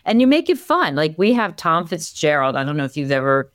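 A newspaper executive from the Philadelphia area, talking energetically in an interview with lots of restarts and sudden lifts in pitch. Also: brisk, smooth, dry recording, clean studio sound. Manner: energetic, animated, many restarts. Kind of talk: conversational interview.

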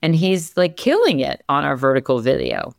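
A smooth, clear voice that stays mid-pitched but jumps up with enthusiasm as this newspaper executive from the Philadelphia area talks shop in an interview. The sound is close and dry, with no room around it. The talk is quick and full of restarts. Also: no echo. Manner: energetic, animated, many restarts. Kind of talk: conversational interview.

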